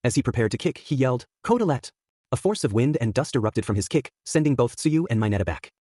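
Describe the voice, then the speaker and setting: A man narrating a fan fiction story aloud in a brisk, expressive way. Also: mid-range voice, no echo, studio quality.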